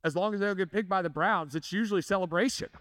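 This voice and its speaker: A man's voice: high-pitched, fast talker, fairly bright tone, dry recording, studio quality. A man preaching a sermon in a conversational way, asking the congregation questions and joking. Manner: conversational, asks the audience questions, jokes. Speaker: pastor.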